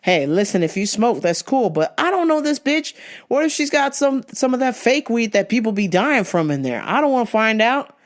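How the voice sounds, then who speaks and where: A woman vlogger telling a comic personal story, animated and profane, acting out the people she quotes. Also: on the high side, moderate pace.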